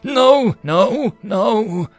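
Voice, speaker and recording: Man voicing a panicked alien nurse, high pleading voice, lively swoops. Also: drawn-out words, no echo, faint music behind, heavily acted. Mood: frantic.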